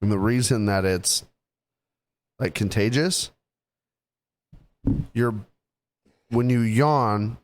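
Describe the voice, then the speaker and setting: A man's voice: lowish voice, slow pace, pauses often, a little hiss or hum. A man in his thirties co-hosting a podcast, explaining things loosely and teasing his best friend in casual banter. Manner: teasing, joking, mocks his friend in put-on voices. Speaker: podcast co-host.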